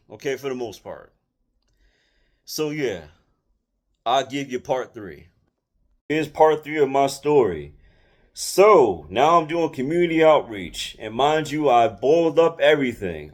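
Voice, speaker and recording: Blunt, colloquial man telling a story. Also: medium pitch. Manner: restarts and repeats phrases. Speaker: content creator telling his story. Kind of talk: casual storytelling monologue.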